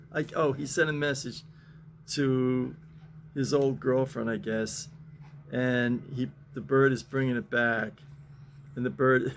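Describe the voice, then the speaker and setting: A man's voice: mid-range voice, steady tone, slow pace, gravelly, pauses often, slight background noise. A man hosting a casual talk, reading newspaper comics aloud, chuckling often and rambling with fillers. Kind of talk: casual chat.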